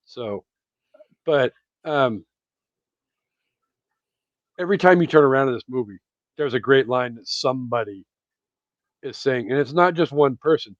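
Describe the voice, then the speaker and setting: A man hosting a movie podcast in casual chat, excitable and swearing freely. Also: medium pitch, measured pace, pauses often, no echo. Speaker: podcast host. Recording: dry, dull lo-fi sound.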